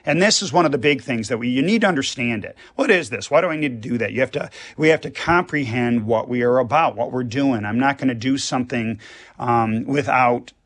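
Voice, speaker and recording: A man's voice: medium pitch, a little fast, fairly bright tone. A man, a priest, talking earnestly on a radio show and explaining with everyday examples. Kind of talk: radio conversation.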